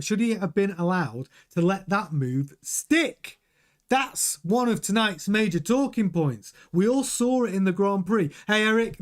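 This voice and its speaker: A man hosting a daily motorsport news show, chatting frankly and giving his opinions while greeting viewers in the live chat. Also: sits high. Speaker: news channel host.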